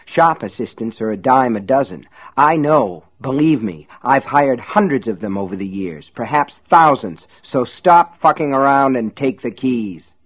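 A man reading aloud and voicing a sinister male shopkeeper who speaks in a smooth, amused, reproving way. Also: mid-range voice, lively intonation, unhurried, hardly any pauses. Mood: coaxing menace.

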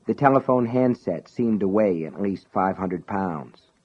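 A man narrating an audiobook in a measured, dramatic way. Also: deep voice, lively intonation, slightly rough. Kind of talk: scripted narration. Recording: dull lo-fi recording.

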